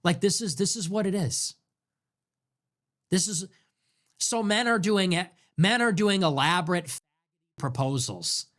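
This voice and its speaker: A man's voice: sits high, unhurried, long pauses, fairly bright tone. Sarcastic, ranting man. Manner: sarcastic and mocking, jumps into mock voices. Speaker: political livestream host. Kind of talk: ranting live-stream commentary.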